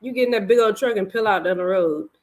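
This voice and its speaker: A woman hosting a casual chat about a reality show, talking candidly and telling her own story with slangy, animated detail. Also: mid-range voice, quick pace. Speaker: podcast host.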